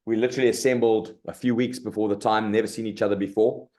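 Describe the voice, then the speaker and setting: A middle-aged rugby coach from South Africa, chatting in a loose, colloquial way and peppering his stories with "mate" and "like". His voice sits low and sounds mellow and dark. He talks with animated energy. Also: fast. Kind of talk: casual interview storytelling.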